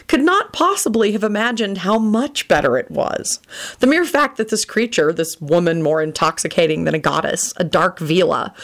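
A woman reads a romance story aloud in a low voice that rises and falls widely. Her delivery is expressive, with a lilting storyteller's rhythm. She narrates steadily between the characters' lines. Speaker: reader.

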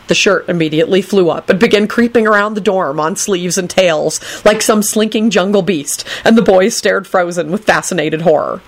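A woman's voice: lowish voice, brisk. A woman reading a story aloud, narrating expressively.

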